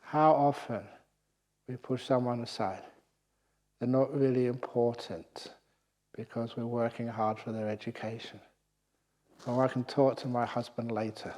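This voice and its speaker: A Buddhist monk gives a dharma talk at a meditation retreat, telling lively stories and laughing at his own jokes. His voice sits at a medium pitch, and he speaks a little slowly with long pauses.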